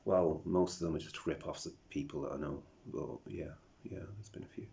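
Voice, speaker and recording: A very deep, heavily gravelly man with a British accent who grew up in South Africa, rambling through a confessional video diary. He mumbles, swears freely and slips into whispers. The recording sounds dull and lo-fi. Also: fairly quick, warm tone, a little hiss or hum. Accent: British, picked up over a South African upbringing. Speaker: vlogger.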